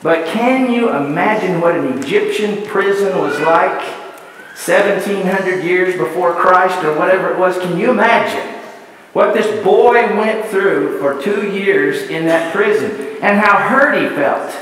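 A man's voice: sits high, measured pace, fairly bright tone, a little hiss or hum. A man preaching a sermon in a church, pressing his point with repeated rhetorical questions and building lists. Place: church sanctuary. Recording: echoey church hall, distant mic.

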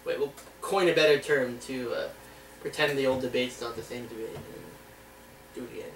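A man's voice: medium pitch, fairly quick. A man in a middle range trades playful, rambling jokes with his mother at home. His voice carries from a distance in an echoey kitchen. A faint hum stays underneath it. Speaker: son in a family vlog. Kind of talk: casual family banter.

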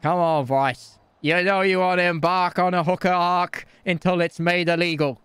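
Brash, high-voiced man rambling in role-play. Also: steady tone, moderate pace, fairly bright tone, smooth, no echo. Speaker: streamer playing a role-play character. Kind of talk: improvised game role-play.

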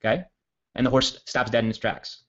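A man giving a casual copywriting training, telling a long story in a rambling, self-correcting, energetic way. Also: medium pitch, fairly quick. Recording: dull lo-fi audio.

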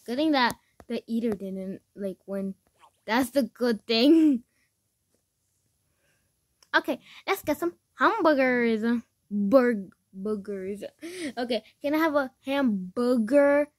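A woman giving casual, excitable commentary while playing a game, gasping, giggling and squealing when scared. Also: fairly high pitch, takes it slowly, pauses often, dry recording. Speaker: gamer recording her play.

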